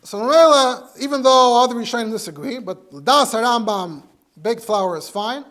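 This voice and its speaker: A man's voice: very high-pitched, moderate pace, fairly bright tone. A man, a rabbi, teaching a halacha class in English. He explains sources step by step and mixes in Hebrew and Yiddish terms. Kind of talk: Torah lecture.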